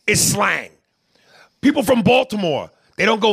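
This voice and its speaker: A man ranting in a heated, profane podcast conversation, swinging between loud bursts and quiet asides. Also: sits high, big pitch swings, normal speed, vocal fry, slightly rough. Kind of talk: heated casual rant.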